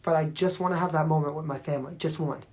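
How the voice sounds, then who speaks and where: A woman's voice: low-pitched, steady tone, fast, darkish tone. A woman talking casually to viewers on a phone livestream, rambling and swearing freely with constant fillers. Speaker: livestream host.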